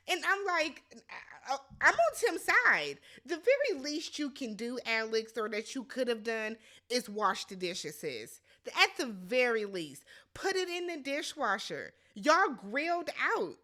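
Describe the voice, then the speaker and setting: A woman giving a casual, animated recap of a reality TV episode, blunt and quick to exclaim. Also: sits high.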